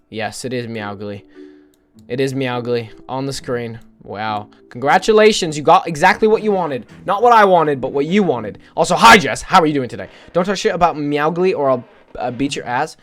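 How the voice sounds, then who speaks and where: A man's voice: fairly high pitch, animated, moderate pace, a bit bright, soft background music. A male streamer chatting casually with his viewers, rambling, joking, swearing and poking fun at himself. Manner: rambling, joking, profane, self-mocking.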